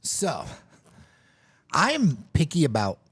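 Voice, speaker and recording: Here the Detroit podcast co-host sounds a little high, slow, and slightly rough. In casual chat, he shares food stories with lively, enthusiastic storytelling.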